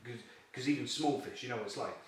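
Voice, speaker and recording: A man, a carp angler on a fishing team, telling a story in a chatty, lively way and laughing often. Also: mid-range voice, quick pace, distant mic. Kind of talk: casual storytelling in an interview. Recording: very echoey room, voice off-mic with faint noise.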